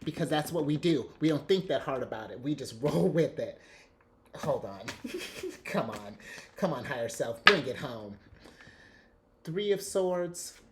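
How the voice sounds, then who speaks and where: A man giving a casual tarot reading, excitable and rambling, often restarting his sentences and laughing. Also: a little high, measured pace, long pauses, noisy background. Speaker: tarot reader.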